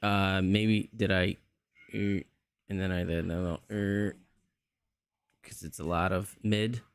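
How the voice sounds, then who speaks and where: A man's voice: sits low, flat delivery, takes it slowly, smooth, no room sound. A man hosting a livestream, casually muttering to himself as he adjusts his microphone settings. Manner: muttering to himself while tweaking mic settings. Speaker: livestream host. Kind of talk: casual streaming chat.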